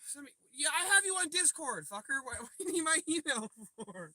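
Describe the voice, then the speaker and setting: His pitch is extremely high, swinging widely as he talks briskly in a sharp tone with no echo. The man is a livestream host bantering and cursing with viewers in casual live chat. He's parked by a river at night, using a phone on the dash as his mic.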